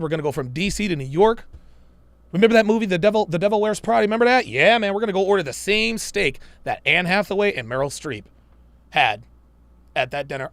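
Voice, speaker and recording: A man's voice: high-pitched, lively intonation, brisk, a bit bright, no echo. A man hosting a live-stream commentary show, talking in a profane, emphatic and preachy way. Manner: mocks women in put-on voices.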